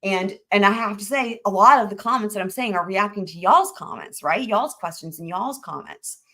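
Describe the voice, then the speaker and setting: A woman's voice: mid-range voice, animated, moderate pace, bright, forceful tone. A young woman, hosting a trial recap channel and telling viewers a story in a chatty, gushing way, full of fillers and restarts.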